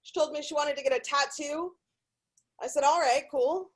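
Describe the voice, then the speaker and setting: A middle-aged woman from California with a high voice works through raunchy stand-up. She is blunt and profane, swearing casually throughout, and she is recorded in a hotel room. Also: normal speed, poor audio. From Sacramento, California. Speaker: stand-up comedian.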